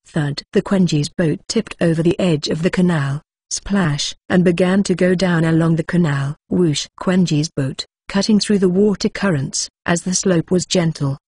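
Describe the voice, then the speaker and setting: Low, husky woman reading a story. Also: dark tone, dry recording, clean studio sound. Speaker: narrator. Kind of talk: audiobook narration of a web novel.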